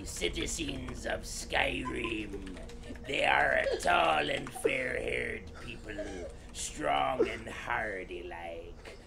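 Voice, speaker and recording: A man's voice: fairly low pitch, creaky. A man on a podcast reading video game lore aloud in a playful way, often breaking into laughter. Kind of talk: joking reading of game text in put-on voices. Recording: noisy stream audio.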